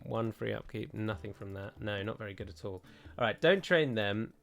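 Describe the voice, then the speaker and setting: A man's voice: fairly low pitch, lively intonation, moderate pace, vocal fry, fairly bright tone, soft background music. A man playing a strategy game and commenting as he goes, chatty and thinking aloud with frequent digressions. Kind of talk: let's play commentary.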